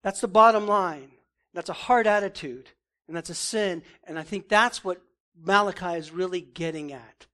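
A man's voice: sits high, moderate pace, pushed and bright. A man preaching a sermon in an earnest, emphatic way, asking questions and answering them himself. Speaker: pastor.

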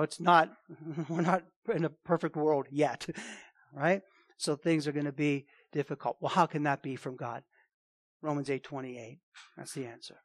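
A man preaching a sermon, emphatic, repeating key phrases and swinging between loud and hushed delivery. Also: sits high, dry recording, studio quality. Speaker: pastor.

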